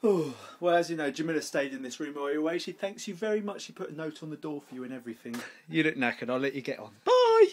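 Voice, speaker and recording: A man's voice: on the high side, expressive, racing, few pauses. Young male vlogger, chatty and playful, camera in hand. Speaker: daily vlogger. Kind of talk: casual vlog chat.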